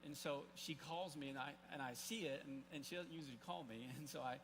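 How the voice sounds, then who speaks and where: Preaching before a live congregation at church, this man in his forties, a pastor, recounts a personal story casually, full of restarts and asides. He speaks a little fast in a voice on the high side, with background noise present.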